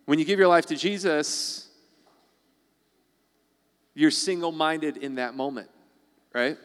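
A man's voice: fairly high pitch, slow pace, big-room sound. A man preaching a sermon as pastor, in a conversational way, acting out the voices of the people he quotes.

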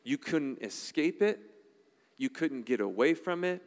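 A man's voice: on the high side, expressive, a little slow, long reverb tail. A man preaching a sermon in a conversational, emphatic style, checking in with the congregation often. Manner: emphatic, conversational preaching with frequent "all right?" asides. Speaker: pastor.

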